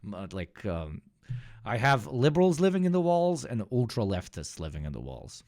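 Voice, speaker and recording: A man's voice: medium pitch, huge pitch swings, moderate pace, a little mellow. A man hosting a livestream, giving casual, sarcastic and profane commentary. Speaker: livestream host.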